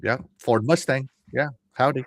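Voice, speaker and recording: A man's voice: mid-range voice, moderate pace, dry recording, studio quality. A man hosting a podcast, casually chatting and reading chat messages aloud with frequent laughter. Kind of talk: casual live-stream chat.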